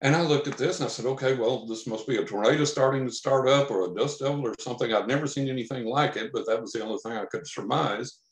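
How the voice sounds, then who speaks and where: A man from Texas tells a long first-person story as a podcast guest, and he gets animated when he acts out what he and others said. His voice sits at a middle pitch for a man. The recording has a roomy echo around it. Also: quick pace, hardly any pauses. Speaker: podcast guest, psychic investigator.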